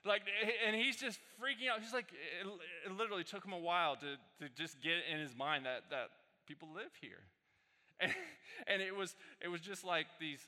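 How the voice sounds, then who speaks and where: A male pastor delivers a sermon, his tone very bright and forward. He tells stories casually, climbing into animated bursts. The sound carries a long hall reverb. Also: high-pitched, brisk. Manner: conversational storytelling, animated peaks. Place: church sanctuary.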